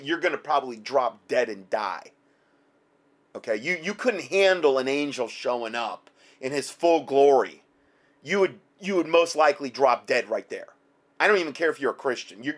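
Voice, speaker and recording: Excitable man teaching from the Bible. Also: mid-range voice. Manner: excitable, laughs often, reads scripture aloud. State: emotional, choked up at times.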